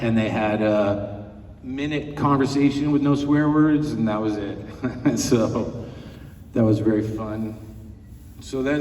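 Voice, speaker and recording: A man's voice: medium pitch, darkish tone, distant mic, slight background noise. Rambling man telling stories in an echoey hall. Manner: rambling, chuckling, acts out quotes. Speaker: film producer, panel guest. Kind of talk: anecdotal convention panel storytelling. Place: large convention hall panel.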